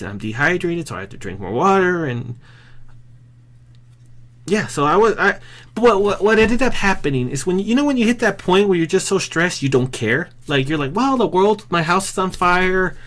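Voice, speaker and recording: A man's voice: a little high, big pitch swings, moderate pace, a bit bright. A man talking straight to camera in a casual, rambling vlog, self-deprecating and often restarting his sentences. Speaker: vlogger.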